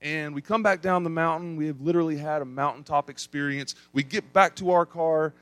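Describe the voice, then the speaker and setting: A young adult man from East Tennessee with an East Tennessee accent, preaching a sermon and telling a story with big swings in pitch and volume. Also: a little fast, fairly bright tone, clear, resonant tone, dry recording. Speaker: pastor.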